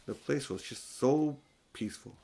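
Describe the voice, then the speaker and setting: Older man, audiobook narrator, storybook reading, lively pitch, gentle grandfatherly manner. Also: measured pace, vocal fry.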